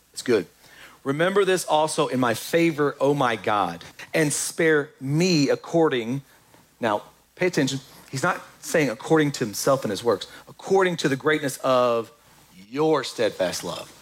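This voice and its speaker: Animated preacher man, lively pitch. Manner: animated, acts out quotes in voices. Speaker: pastor. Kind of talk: sermon.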